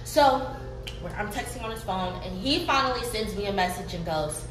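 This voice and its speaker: A young woman telling a story in a lively, profane way, often breaking into laughter. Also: medium pitch, normal speed. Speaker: vlogger. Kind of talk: storytime vlog. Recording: roomy, off-mic, faint music behind.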